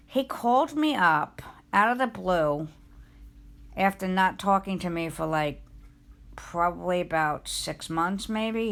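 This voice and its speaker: A woman's voice: mid-range voice, a bit bright. A middle-aged woman live streamer chatting casually, telling a rambling, emotional personal story in a confiding way.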